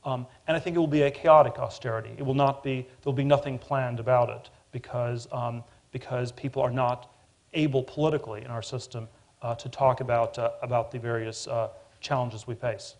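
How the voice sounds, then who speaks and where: A middle-aged man speaking as a guest at a public forum, halting with many fillers and repeated restarts. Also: mid-range voice, steady tone, darkish tone. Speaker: panel guest.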